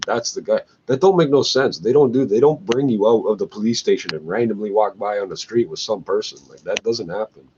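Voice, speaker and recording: A man's voice: mid-range voice, lo-fi sound, a little hiss or hum. A man ranting bluntly to camera, swearing often and tagging lines with "eh". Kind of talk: rambling profane rant to camera.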